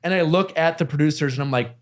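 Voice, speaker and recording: A man hosting a podcast tells stories in loose casual chat. His voice sits a little high for a man, and he rambles with fillers, restarts and easy swearing. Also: fast talker, crowd noise. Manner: storytelling, many fillers and restarts. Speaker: podcast host.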